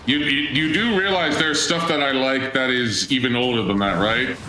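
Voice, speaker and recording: A man's voice: medium pitch, normal speed, bright, forceful tone. A man hosting a live gameplay stream, bantering playfully with chat and playing up a mock-grand persona. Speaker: streamer, channel host. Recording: roomy echo with game music underneath.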